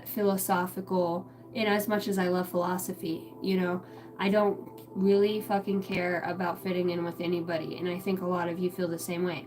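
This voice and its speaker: Brief: young woman psychic streamer, casual rambling chat, lots of swearing, faint background noise at home. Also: lowish voice. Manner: rambling, swears a lot, animated. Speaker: livestream psychic reader.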